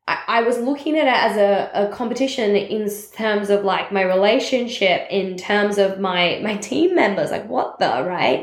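Woman sharing candidly in a roomy space. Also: medium pitch. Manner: candid, confessional, self-help phrasing with many "like" fillers. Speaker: network marketing team leader. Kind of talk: personal reflective monologue. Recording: roomy echo.

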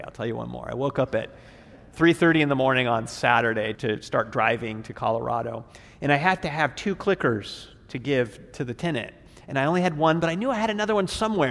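A man's voice: mid-range voice, in a large hall. A middle-aged male pastor preaching verse by verse, telling stories with animation and voicing scripture dramatically. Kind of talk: verse-by-verse sermon.

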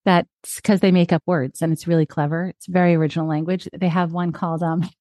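A woman's voice: fairly low pitch, little pitch movement, a little fast, dark tone, no room sound, studio quality. A woman co-hosting a birth podcast in casual chat, chatty and easily sidetracked, laughing often. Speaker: podcast co-host, childbirth educator.

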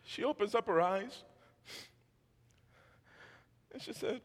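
A man's voice: sits high, brisk. A man, a pastor, giving a sermon testimony in a fervent storytelling manner with repetitions and laughs. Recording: long hall reverb.

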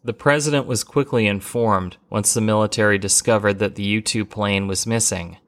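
A man hosting a history podcast, reading a scripted narration in a measured way, with the odd wry aside. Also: fairly low pitch, steady tone.

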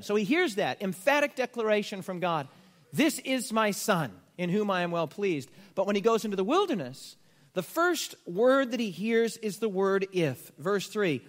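High-voiced pastor preaching in a reverberant church. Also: male voice, lively intonation, moderate pace. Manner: emphatic, rising to stress key words; conversational asides with humor. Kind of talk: sermon. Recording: long reverb of a church hall.

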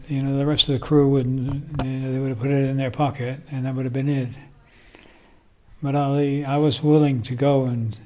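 A man's voice: medium pitch, mellow. An older man, a songwriter, reflecting at length in a casual interview, rambling with fillers. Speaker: songwriter guest.

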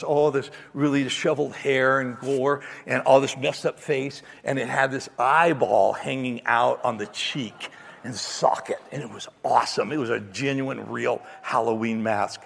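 A middle-aged man, a pastor, telling a lively personal story in a sermon and acting out the voices. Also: medium pitch, vocal fry, big-room sound. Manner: animated storyteller, acts out voices, ends in quiet prayer.

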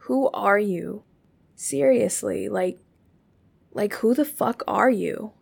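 A woman voicing a frightened, shaken young woman in a hushed, breathy whisper for an audiobook. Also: medium pitch, takes it slowly, heavily acted.

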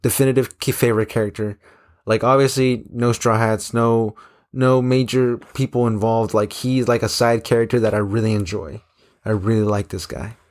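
A man's voice: on the low side, darkish tone. A man casually recapping a comic chapter, rambling with lots of fillers and restarts. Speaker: manga chapter reviewer. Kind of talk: casual recap, reading quotes aloud.

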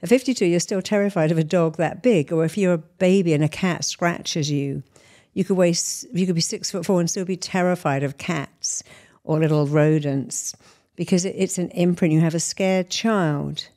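A woman's voice: lowish voice, normal speed, mellow. A middle-aged woman therapist answering interview questions, explaining her method through examples and analogies. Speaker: therapist and hypnotist guest.

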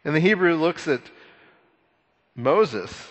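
A man preaching a sermon, retelling a scripture story in a conversational, animated way with frequent repeated words. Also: on the high side, a little slow, big-room sound, dull audio. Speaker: pastor.

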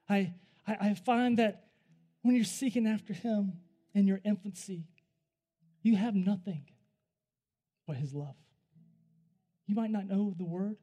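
A man preaching and telling a personal testimony, going from hushed to loud and talking straight to his audience. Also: high voice. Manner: animated, swings between hushed and loud; talks to the audience directly. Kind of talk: storytelling sermon.

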